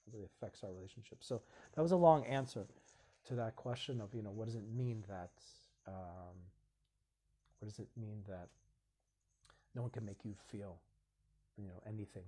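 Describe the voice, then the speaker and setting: Husky, mellow-voiced man talking earnestly. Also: fairly low pitch, moderate pace, long pauses. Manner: earnest, reflective, acts out little dialogues. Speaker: host of a live video stream. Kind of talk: casual live-stream talk.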